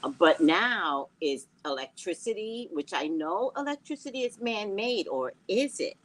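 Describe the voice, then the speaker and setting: A woman's voice: mid-range voice, a little slow, poor audio. A woman hosting a casual livestream, joking and reacting to her chat from home without a proper mic. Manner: animated, jokey, talks to viewers and chat. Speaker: psychic livestream host. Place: home indoors. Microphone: no external mic.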